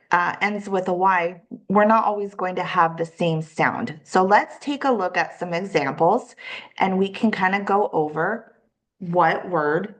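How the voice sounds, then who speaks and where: Slow, deliberate woman teaching phonics. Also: mid-range voice. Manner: slow, deliberate, drawn-out vowel sounds. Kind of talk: phonics lesson.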